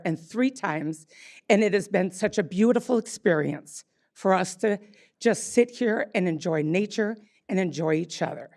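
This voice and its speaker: A woman's voice: mid-range voice, animated, normal speed, a little mellow. A woman in her sixties, a wine bar owner speaking unprepared at a public meeting, rambling with many fillers and restarts. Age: 60s.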